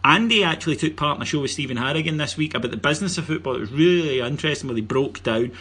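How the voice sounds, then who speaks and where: Bright, husky Scottish man hosting. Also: on the high side, animated, very fast. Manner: jokey, teasing, plugs the show. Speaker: podcast host. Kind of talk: casual football podcast chat.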